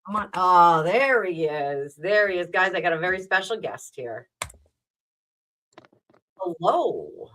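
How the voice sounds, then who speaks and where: A woman's voice: on the low side, animated, slow pace, pauses often, a bit bright, low-quality recording. A woman from New Jersey hosting a live tarot reading, rambling chattily with lots of fillers and asides to her viewers. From New Jersey, USA. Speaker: tarot reader and livestream host.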